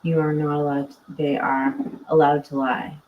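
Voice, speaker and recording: Tired and winding down, a livestream host chats, reads out viewer comments and laughs a lot. She speaks at a moderate pace in a low voice with little pitch movement. The audio is dull with a bit of hiss or hum, captured by a distant mic in an echoey room.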